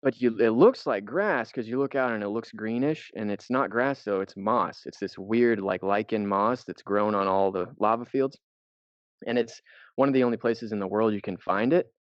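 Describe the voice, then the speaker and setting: A male podcast co-host from the United States, his voice fairly low and at normal speed, rambles through a travel story and swears casually. The dull, dry lo-fi audio has no room sound.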